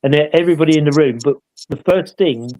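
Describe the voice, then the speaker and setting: A man's voice: fairly high pitch, fast, a little mellow, rough recording. A man telling a paranormal investigation story in a rambling, casual way, often adding tag questions to draw agreement. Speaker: paranormal investigator co-hosting a live show.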